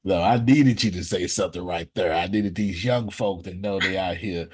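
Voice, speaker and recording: A man hosting a casual online talk, playful and animated, with quick asides. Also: sits low, husky. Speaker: host. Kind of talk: casual online show chat.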